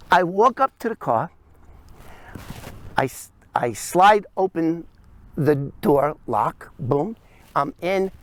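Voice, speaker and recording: A man tells a first-person story, acting out scenes with sound effects and quick voices. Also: fairly high pitch, fairly bright tone. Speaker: storyteller recounting his past.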